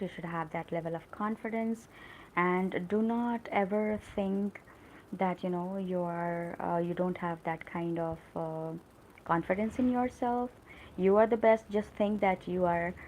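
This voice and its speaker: A woman's voice: lowish voice, a little slow, a little mellow, a little hiss or hum, rough recording. A woman with an Indian English accent, hosting a live English lesson and talking in a chatty, encouraging way with many fillers. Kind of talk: casual live-stream talk.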